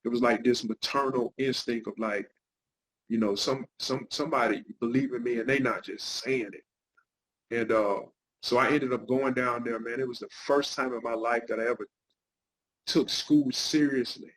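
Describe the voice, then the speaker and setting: A man's voice: mid-range voice, fairly even intonation, normal speed, a bit bright, a little hiss or hum, low-quality recording. A middle-aged man, a guest pastor and counselor, telling his life story in an interview with an earnest, heartfelt manner.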